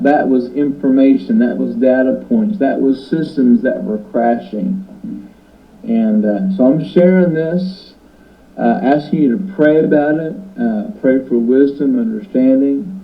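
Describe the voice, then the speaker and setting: A man recounting a dream in earnest spoken testimony, halting and repeating words, sleepless and urgent. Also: mid-range voice, narrow, tinny audio.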